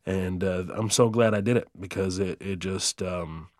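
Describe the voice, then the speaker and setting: A male stand-up comedian answering interview questions in a halting way, with many fillers and restarts, rising in pitch when he gets excited. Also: no room sound, studio quality.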